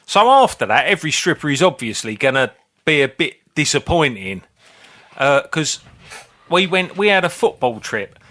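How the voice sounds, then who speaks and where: A man's voice: a little high, sing-song, normal speed, pushed and bright. A man in his fifties, co-hosting a comedy podcast as a rambling, sweary storyteller. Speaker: podcast co-host. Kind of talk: casual chat.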